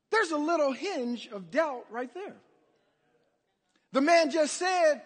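A male preacher delivering an animated sermon, calling out to the congregation. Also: very high voice, slow pace. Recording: long hall reverb.

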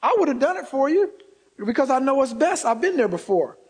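High-voiced, animated male preacher. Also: brisk. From Indiana. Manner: animated, shifts voices, builds to shouts. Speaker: pastor. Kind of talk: sermon.

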